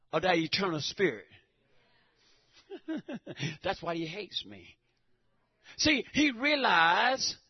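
A man giving a preaching testimony in church, emphatic and repetitive, breaking into shouts. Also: high voice, slightly rough. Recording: dull lo-fi recording.

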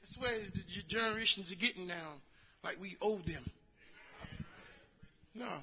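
High-voiced older male preacher, echoey hall. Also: unhurried, slightly rough, muffled recording. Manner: folksy storytelling with acted quotes, rising to shouts. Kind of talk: sermon.

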